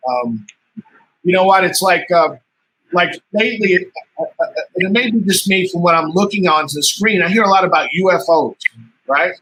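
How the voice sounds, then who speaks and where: A man's voice: sits high, normal speed, slight background noise, poor audio. A man, a martial artist telling stories in a casual interview, laughing often and acting out what others said. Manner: animated storyteller, laughs often, acts out quoted dialogue.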